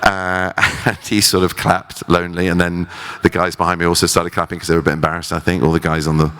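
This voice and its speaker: Deep low-voiced guy, 40s, telling actor stories on stage, acts out the quotes. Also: fast talker, smooth, in a large hall. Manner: animated storytelling, acting out quoted voices. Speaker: actor guest. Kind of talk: onstage career conversation.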